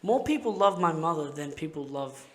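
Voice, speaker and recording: A man's voice: fairly high pitch, expressive, moderate pace. Young man swearing through heartfelt stories. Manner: swears constantly, rambling heartfelt storytelling. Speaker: podcast host. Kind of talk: casual podcast chat.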